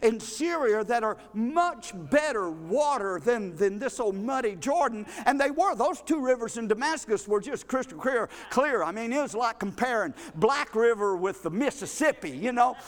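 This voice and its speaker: A male pastor, preaching a folksy, animated sermon in a church, with frequent restarts. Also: very high voice, moderate pace, hardly any pauses. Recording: long reverb of a hall.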